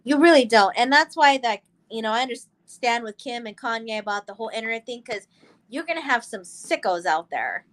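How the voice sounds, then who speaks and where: A woman co-host with a somewhat high voice who speaks earnestly on serious topics. She rambles through fillers and restarts as she works out her point. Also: expressive, brisk, a bit bright. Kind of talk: casual chat.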